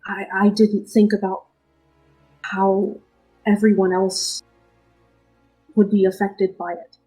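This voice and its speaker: A woman voicing a nervous young male half-drow rogue who stammers and speaks quietly, like an apology. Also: mid-range voice, level tone, slow pace, breathy edge, faint music behind, rough recording.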